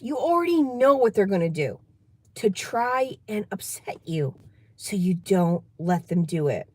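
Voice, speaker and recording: A woman's voice: mid-range voice, sing-song, unhurried, darkish tone, rough recording. A woman who hosts her own channel, talking casually and emphatically, often repeating her points. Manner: chatty, emphatic, repeats herself. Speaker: channel host giving advice. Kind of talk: casual advice vlog.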